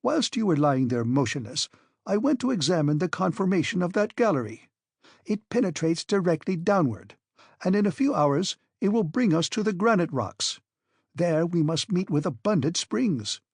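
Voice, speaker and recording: A man's voice: sits high, sing-song, moderate pace, creaky, slightly rough, no echo, studio quality, full character voice. A man voicing a stern, obstinate old professor. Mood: persuasive. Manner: forceful, commanding, scornful. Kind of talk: audiobook character reading.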